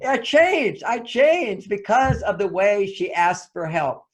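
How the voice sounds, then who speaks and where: Male guest author, high-pitched, animated storyteller giving relationship advice. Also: moderate pace, hardly any pauses. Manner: animated, acts out quoted lines. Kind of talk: anecdotal advice talk.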